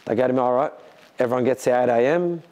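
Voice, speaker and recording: A man's voice: mid-range voice, quick pace, lo-fi sound. An Australian man who builds and races cars, telling the emotional story of his crash in bursts and acting out what others said. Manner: emotional, talks in bursts, lively quoting of others. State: sore after a crash. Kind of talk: candid storytelling to camera.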